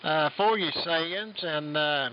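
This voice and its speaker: A man's voice: a little high, slow pace. Earnest man running a radio net. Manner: rambling and earnest. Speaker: net control operator. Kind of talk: ham radio chat. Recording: lo-fi radio audio with faint hiss.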